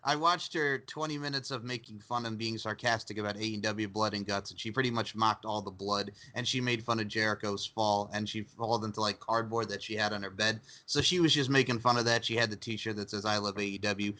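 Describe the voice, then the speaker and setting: A man co-hosting a podcast, chatting quickly and casually, laughing through his points. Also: fairly low pitch, steady tone, pushed and bright. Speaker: podcast co-host.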